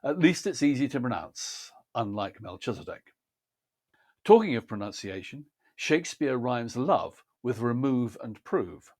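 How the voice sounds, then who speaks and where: Measured man teaching poetry. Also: medium pitch. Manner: measured, precise, explanatory. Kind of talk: scripted instructional talk.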